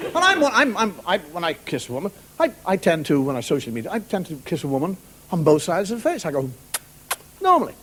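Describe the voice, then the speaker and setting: A middle-aged Irish man doing a wry, rambling stand-up monologue on a TV studio stage, mimicking voices and now and then shouting. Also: high-pitched, wildly swooping pitch, a little fast, a faint crowd. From Ireland. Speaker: stand-up comedian. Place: television studio with audience. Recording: broadcast studio with audience laughter and noise. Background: studio audience laughter.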